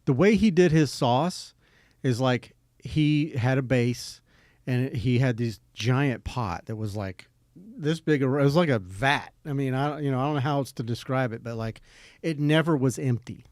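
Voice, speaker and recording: A man's voice: mid-range voice, measured pace, a little mellow, dry recording. Podcast host guy, rambly, lots of "you know", mid voice, dry close mic. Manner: rambling, lots of fillers and restarts. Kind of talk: casual chat.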